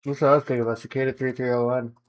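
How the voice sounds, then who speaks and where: A man's voice: medium pitch, flat delivery, rapid-fire. A man chatting casually while gaming on a stream, swearing a lot and calling people dude. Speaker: gamer on a stream.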